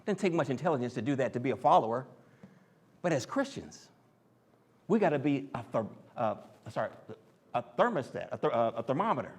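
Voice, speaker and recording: A man giving an animated sermon, acting out quoted voices and joking with the listeners. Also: medium pitch, a little fast, pauses often, husky. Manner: animated, acts out quoted voices and jokes with the crowd. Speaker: speaker in a church teaching series.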